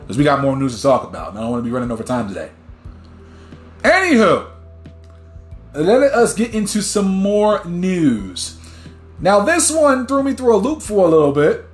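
Male podcast host from New Jersey, lively and loud, swears freely, echoey room with faint music behind. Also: fairly high pitch. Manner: animated, swears freely, gets loud when worked up; reads news articles aloud with stumbles. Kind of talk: casual news commentary podcast.

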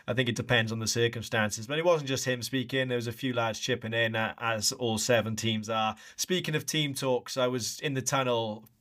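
A man's voice: mid-range voice, steady tone, normal speed, hardly any pauses, fairly bright tone. A man in his early thirties co-hosting a podcast, telling stories in a chatty way and laughing often. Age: early 30s. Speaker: podcast co-host, former player. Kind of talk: casual chat.

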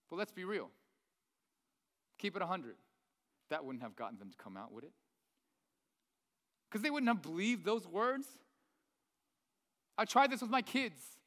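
A male pastor, around his thirties, preaching in a lively, conversational way with many rhetorical questions. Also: sits high, normal speed, long pauses. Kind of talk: sermon. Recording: long reverb of a large hall.

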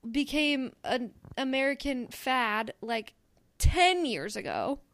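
A woman's voice: high-pitched, big pitch swings, slow, a bit bright. A young woman co-hosting a podcast, chatting casually and playfully, often laughing and dropping to a whisper. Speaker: podcast co-host. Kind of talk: casual chat.

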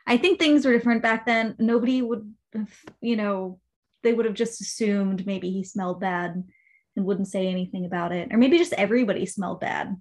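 A woman co-hosting a casual book-club chat, easygoing, laughing often and quick to agree. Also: medium pitch, darkish tone.

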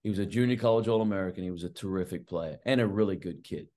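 This middle-aged man is a basketball coach guest, telling lengthy, animated stories in casual conversation, packed with asides and fillers like "like" and "right." His voice is low-pitched and very fast.

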